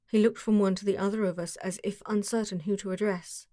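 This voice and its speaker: Woman reading an audiobook, calm measured storytelling, mid pitch, no room echo. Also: clean studio sound. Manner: measured and descriptive. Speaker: audiobook narrator. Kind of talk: scripted narration.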